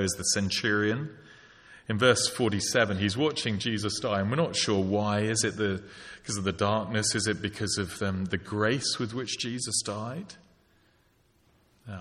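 A man's voice: on the low side, normal speed, a bit bright. A man preaching a sermon, reflective and full of rhetorical questions. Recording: long hall reverb.

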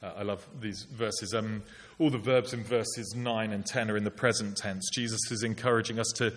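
A man's voice: on the low side, fairly even intonation, moderate pace. A middle-aged man preaching a sermon in a conversational way with wry asides. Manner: conversational, wry asides with put-on polite voices. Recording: long hall reverb.

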